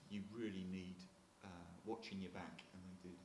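A man's voice: low-pitched, steady tone, normal speed, darkish tone, roomy sound, slight background noise. A man in his sixties with a Hampshire accent, a retired Marine telling chatty anecdotes to an audience, often restarting and chuckling. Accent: Hampshire English. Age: 60s. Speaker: retired Royal Marine speaker.

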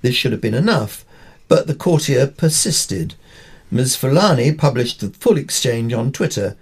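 An older man from Pakistan reads his opinion column aloud in a wry, dryly humorous way. His voice sits at an ordinary middle pitch. He tells his stories with a light, ironic touch. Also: lively intonation, normal speed, husky.

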